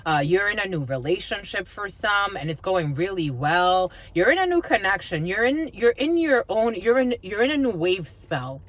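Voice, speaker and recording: A woman's voice: medium pitch, very animated, normal speed, few pauses. A woman giving a casual tarot reading, chatty and blunt, swearing freely and laughing as she talks. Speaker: tarot reader.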